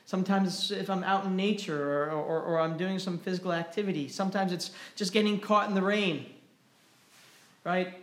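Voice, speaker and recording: High-voiced preacher in an echoey room. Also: male voice, fairly even intonation, moderate pace. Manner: impassioned, rising and loud when stressing a point. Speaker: pastor. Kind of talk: sermon. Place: church sanctuary.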